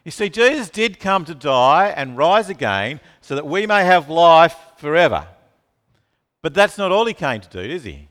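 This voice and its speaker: This preacher's voice is fairly high and moves at a moderate pace. Animated throughout his sermon, he questions the room and singles out listeners by name, all echoing through a hall's long reverb.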